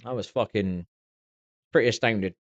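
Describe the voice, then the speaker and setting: A man's voice: fairly low pitch, normal speed, no room sound, dull audio. A middle-aged man chatting to his viewers on a live stream, swearing constantly and rambling on in a candid way. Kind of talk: casual rambling chat to viewers.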